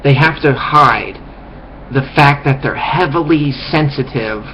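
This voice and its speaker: A man's voice: mid-range voice, measured pace, pushed and bright. A man in a rambling, contemptuous rant to camera, full of restarts and swearing. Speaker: vlogger. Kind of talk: ranting monologue. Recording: dull lo-fi recording with faint hiss.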